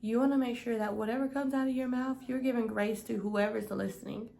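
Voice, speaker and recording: A woman's voice: a little high, fairly even intonation, fairly quick, creaky, mellow, rough recording. A young woman giving a casual devotional Bible study, earnest and often checking in with "okay?". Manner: earnest, repeats "okay?" to the listener.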